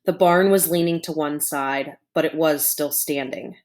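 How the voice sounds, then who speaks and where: A woman's voice: low voice, a little slow, darkish tone. A woman reading a chapter book aloud to children, adding chatty asides to her young listeners. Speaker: storyteller. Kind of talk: children's storybook read-aloud.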